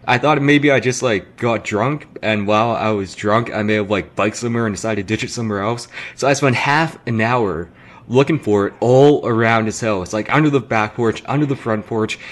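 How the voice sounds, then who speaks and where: Animated young man telling a story. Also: on the low side, moderate pace. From Canada. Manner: animated, acts out quotes, swears freely. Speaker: gaming commentator. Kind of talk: casual storytelling commentary.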